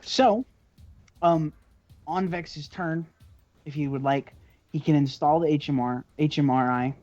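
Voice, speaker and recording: Higher-voiced man running a tabletop game. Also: a little slow, a little mellow, faint music behind. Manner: loose, hesitant narration with many fillers. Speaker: game master. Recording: dull lo-fi recording.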